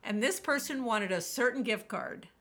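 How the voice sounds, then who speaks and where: A woman guest on a podcast, talking about burnout and telling lively stories in which she quotes herself. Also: fairly high pitch, moderate pace. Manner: animated storyteller, quotes herself vividly. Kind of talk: podcast interview, storytelling.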